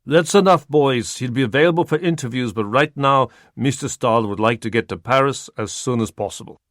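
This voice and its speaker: An eager, pushy little studio representative, put on by a male audiobook narrator. The voice jumps well above the reader's own and pushes forward, bustling and loud, sounding a little remote. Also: medium pitch, a little fast, no room sound, pitched above the performer's own voice, lightly acted. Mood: brisk. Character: eager short male film studio rep.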